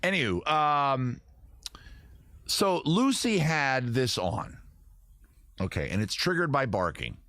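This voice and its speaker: A man hosting a casual live stream, rambling and joking at a close tabletop boom mic. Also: big pitch swings, takes it slowly, long pauses, pushed and bright, dry recording. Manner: rambling, jokey, self-interrupting. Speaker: host.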